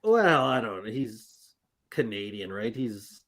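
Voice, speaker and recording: A man's voice: on the low side, very animated, slow pace, a bit bright, a little hiss or hum. Joking man co-hosting a football stream. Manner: self-deprecating, joking banter. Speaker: co-host. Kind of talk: casual live-stream football chat.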